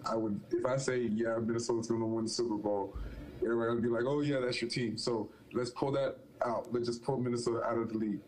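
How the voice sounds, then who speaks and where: A man co-hosting a casual football podcast, speaking deliberately as he lays out a bold prediction and a wager. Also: medium pitch, fairly even intonation, a little mellow, a little hiss or hum, rough recording. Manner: deliberate, making bold claims. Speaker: podcast co-host, Vikings fan. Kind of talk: casual sports banter.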